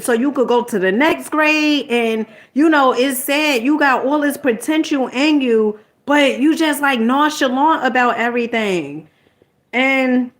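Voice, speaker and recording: A middle-aged woman telling a personal story in a candid, rambling vlog, quoting herself and lecturing in an exasperated motherly way. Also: high voice. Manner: rambling and candid, retells arguments and quotes herself. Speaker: vlogger.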